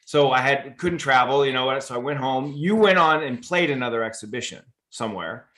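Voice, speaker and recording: A man co-hosting a casual chat, telling an anecdote in an energetic, animated way. His voice sits at a middling pitch for a man. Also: brisk. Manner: lively anecdote telling, acting out quotes. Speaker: podcast co-host.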